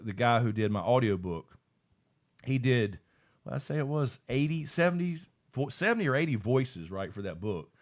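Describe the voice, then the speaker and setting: A man hosting a live stream in casual chat, with a loose, rambling way of talking as he reads out viewers' comments. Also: mid-range voice. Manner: laid-back, rambling, reads chat aloud.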